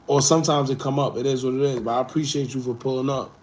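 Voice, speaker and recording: A man hosting a casual livestream, reading viewer comments and talking in a loose, animated way. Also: medium pitch, fast talker, a little hiss or hum. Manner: laid-back, animated, swings between loud and muttered asides. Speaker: livestream host.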